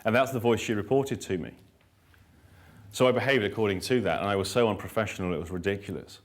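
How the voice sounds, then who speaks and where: A man's voice: lowish voice, quick pace. Blunt, emphatic male workshop trainer. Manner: emphatic and blunt, repeats lines for effect; wry storytelling with dry self-mockery. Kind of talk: live workshop lecture to trainees.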